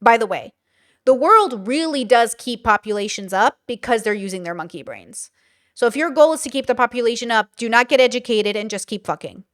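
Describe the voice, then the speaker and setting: A woman's voice: a little high, lively intonation, fairly quick, no echo, studio quality. Profane, sarcastic young woman commentator. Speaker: YouTube commentator. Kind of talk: reaction commentary.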